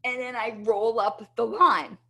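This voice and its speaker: A woman guest in an interview, telling a personal story with animated energy and often checking in with "right?". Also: a little high, measured pace. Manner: animated, tags many sentences with "right?". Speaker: interview guest, motivational speaker.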